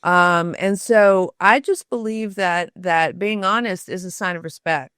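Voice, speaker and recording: A woman speaks as a guest on a podcast, her voice a little lower than most. She thinks aloud, stopping on fillers and restarting her sentences. The recording is dry, with no room sound around her. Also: a bit bright, clear, resonant tone, no room sound. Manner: thoughtful, halting with many fillers and restarts. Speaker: podcast guest, storytelling author. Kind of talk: conversational interview.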